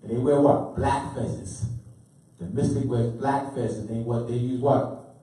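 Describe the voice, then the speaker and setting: A man's voice: mid-range voice, steady tone, a little slow, mellow. A man lecturing to a live audience, quizzing them call-and-response style and repeating key words with emphasis. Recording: very echoey room, mic far off.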